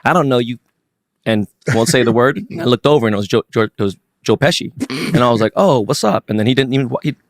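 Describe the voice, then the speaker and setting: A man's voice: medium pitch, quick pace, dry recording, studio quality. A man hosting a casual podcast chat, laid-back, talking in loose slang. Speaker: podcast host.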